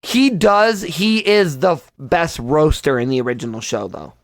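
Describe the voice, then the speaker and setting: A young man hosts a casual podcast chat, ranting in a heated, profane way. His voice sits a little high for a man, and the sound is close and dry with no room around it. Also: lively intonation, moderate pace, no echo. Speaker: podcast host.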